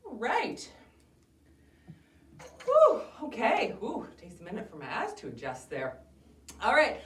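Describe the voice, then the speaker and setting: Animated woman leading a kids' storytime. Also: on the high side, unhurried. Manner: cheerful, animated, talks to kids. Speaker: children's storytime host at a library. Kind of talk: online children's storytime with songs and rhymes. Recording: roomy echo, distant mic.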